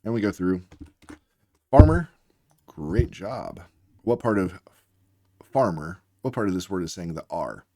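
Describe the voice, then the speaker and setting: A man's voice: low voice, expressive, normal speed, darkish tone, dry recording, clean studio sound. A man working as a reading tutor, patiently explaining word spellings while acting out both teacher and student. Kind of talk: instructional demonstration.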